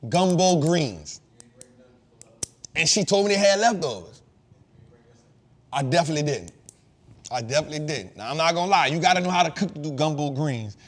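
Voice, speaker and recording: Male host, 30s, casual storyteller, raised pitch, very lively delivery. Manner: animated, slangy, shifts from loud to hushed.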